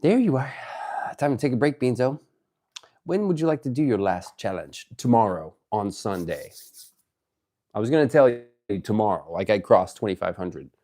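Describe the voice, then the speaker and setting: A man's voice: lowish voice, moderate pace. Brief: male livestreamer, casual, profane joking chatter, voice swinging up and down a lot. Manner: excitable, swearing, joking banter. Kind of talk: casual livestream chat reading viewer messages.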